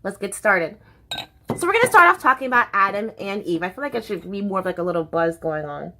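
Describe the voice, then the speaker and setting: A woman's voice: medium pitch, lively intonation, fast, sharp tone. A young woman chatting casually to camera as a vlogger, bubbly and chatty, swearing freely.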